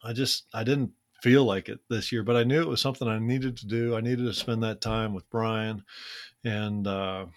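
A man co-hosting a podcast, casually telling a personal story in a relaxed, conversational way, with frequent "man" and "uh" fillers. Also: lowish voice, normal speed, dry recording. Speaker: podcast co-host.

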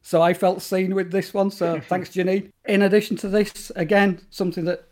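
A man's voice: high-pitched, flat delivery, normal speed, darkish tone. A man talking as a guest in a casual interview about horror films, enthusiastic and rambling, with plenty of fillers and restarts.

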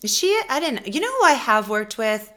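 A woman's voice: a little high, sing-song, normal speed, fairly bright tone. A young woman co-hosting a podcast, chatting casually in a playful, joking way with the odd swear word. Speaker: podcast co-host. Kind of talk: casual chat.

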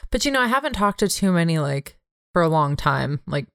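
A woman's voice: fairly low pitch, sing-song, brisk, a bit bright, clear, resonant tone, dry recording, clean studio sound. A woman co-hosting a podcast in casual chat, chatty, with lots of fillers and frequent laughs. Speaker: podcast co-host.

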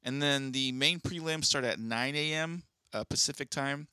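A man with a bright, forceful tone chatting casually on a podcast, recorded close and dry with no room sound. He is laid-back and walks through the schedule like a rundown. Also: medium pitch, normal speed, clean tone, no room sound. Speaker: podcast co-host. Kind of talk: casual chat.

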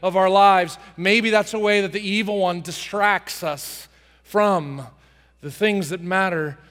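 A male pastor preaching a sermon in a dramatic style, acting out prayers and swinging from soft to booming. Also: steady tone, measured pace, long reverb tail. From United States.

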